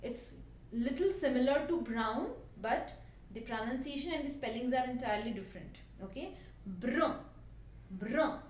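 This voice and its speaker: A woman with an Indian English accent, teaching a language lesson slowly and patiently and repeating each word for her learners. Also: on the high side, expressive. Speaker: French teacher. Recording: echoey room, voice a bit distant, faint background hiss.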